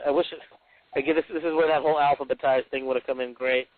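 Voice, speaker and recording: A man's voice: mid-range voice, steady tone, fast talker, very noisy. A man, the author guest, chatting casually and reading excerpts aloud with folksy, rambling asides. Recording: dry tinny phone-like line.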